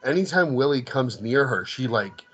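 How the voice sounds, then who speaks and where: In a muffled recording, a man with a medium-pitched, animated voice, bright and a bit breathy, talks at normal speed. He's a podcast co-host casually discussing a comedy film, rambling with frequent restarts and laughing as he recounts.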